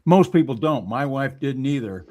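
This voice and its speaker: A man hosting a relaxed political talk show. He reacts easily, dropping in short agreements while his co-host talks. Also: mid-range voice, normal speed. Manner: easygoing, frequent agreeing interjections. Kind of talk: casual political chat.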